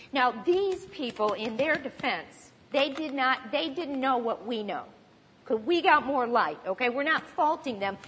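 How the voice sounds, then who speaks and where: A woman's voice: on the high side, a bit bright, slight background noise. A woman preaching a sermon in a conversational teaching manner, now and then acting out panicked voices. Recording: long hall reverb.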